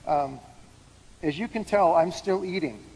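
A man's voice: fairly high pitch, a little slow, gravelly, a little mellow, breathy edge. A man preaching a sermon, explaining scripture in a conversational way and putting questions to the room. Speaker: pastor. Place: large hall with an audience. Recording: hall reverb with faint background noise.

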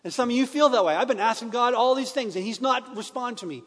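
A middle-aged man preaching a personal testimony sermon in a church, earnest, moving between hushed and emphatic. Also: very high voice, fast, long reverb tail.

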